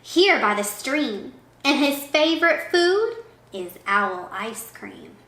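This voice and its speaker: A woman's voice: sits high, very animated, slow pace, fairly bright tone, heavily acted. A woman doing a bold, clever little mouse. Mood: boastful. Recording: echoey room.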